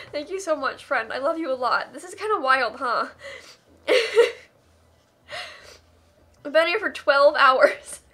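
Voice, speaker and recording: A woman's voice: high voice, expressive, moderate pace, bright, forceful tone. A tired young woman streamer on a live charity stream, reading donation messages aloud and gushing thanks, laughing on the edge of tears. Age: young adult.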